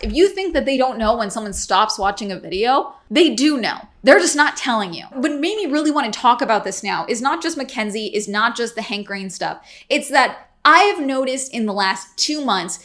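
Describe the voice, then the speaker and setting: A woman's voice: fairly high pitch, expressive, fairly quick, hardly any pauses, fairly bright tone. A woman vlogger ranting to camera, getting worked up and exasperated, swearing freely. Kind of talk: casual ranting vlog.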